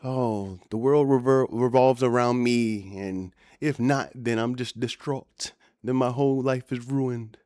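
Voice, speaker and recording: A man's voice: sits high, brisk, dark tone, no room sound, studio quality, pitched above the performer's own voice, close to an everyday voice. A man putting on a mocking voice of a whiny, self-pitying woman, complaining in a sing-song tone.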